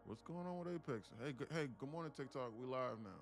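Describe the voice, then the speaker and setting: A man's voice: medium pitch, quick pace, faint music behind. A man hosting a casual livestream, greeting viewers by name, laughing easily and swearing freely. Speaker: livestream host, day trader.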